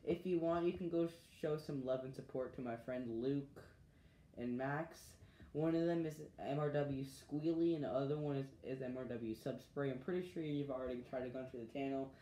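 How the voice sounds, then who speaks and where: A man's voice: mid-range voice, steady tone, normal speed, mellow. A male channel host talking in a rambling, chatty way for a casual gaming vlog, recorded on an iPad. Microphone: iPad mic. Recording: echoey room.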